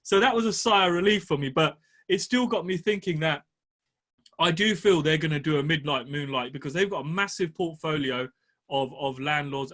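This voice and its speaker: A man, a property podcast co-host telling a story in an animated, laughing way. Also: on the high side. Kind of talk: casual storytelling.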